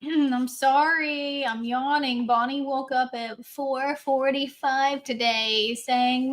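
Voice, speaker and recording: High-voiced female nurse co-host, chatty and joking, laughs easily, casual live-stream banter. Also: steady tone, slow, few pauses.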